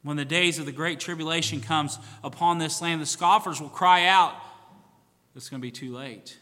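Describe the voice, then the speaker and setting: Male pastor, fervent sermon, bright ringing voice, a bit high, loud then hushed, long church reverb. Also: moderate pace. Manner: swings from loud fervent preaching to hushed solemn tones. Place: church sanctuary.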